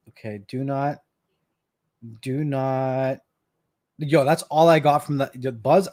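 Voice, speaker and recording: A man's voice: on the high side, darkish tone. A man in his thirties from Canada, chatting casually on his live stream and telling stories with a laugh. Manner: chatty storyteller, laughs often, repeats words.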